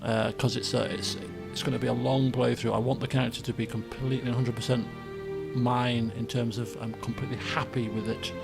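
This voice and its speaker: A man's voice: medium pitch, flat delivery, brisk, gravelly, music in the background. A young adult man streaming a game, chatting and musing aloud in a jokey, casual way.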